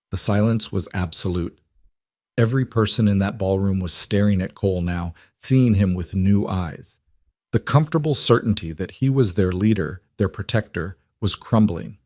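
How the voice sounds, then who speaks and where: Deep-voiced male story narrator. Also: mellow, dry recording, clean studio sound. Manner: measured, dramatic storytelling. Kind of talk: scripted narration.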